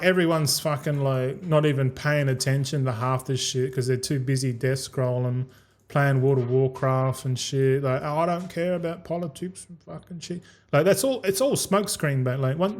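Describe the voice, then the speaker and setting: A man's voice: fairly high pitch, a little mellow. A young man streaming a game, rambling and ranting casually with lots of swearing. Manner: rambling, profane, fired-up ranting.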